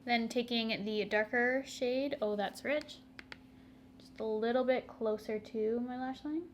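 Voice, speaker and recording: A woman's voice: on the high side, measured pace, slight background noise. A young woman, chatting to viewers through a makeup tutorial, laughing often and making asides. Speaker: beauty vlogger.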